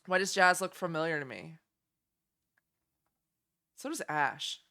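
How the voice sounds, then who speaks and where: A woman's voice: sits low, takes it slowly, pushed and bright. A young woman streaming, chatting casually and giggling as she reacts to game trailers. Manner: chatty, giggly, easily delighted.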